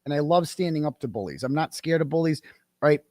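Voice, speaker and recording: A man's voice: fairly high pitch, lively intonation, quick pace, dark tone, no room sound, clean studio sound. A man being interviewed, telling his story bluntly and with animation, swearing at times. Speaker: guest, independent journalist. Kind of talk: conversational interview.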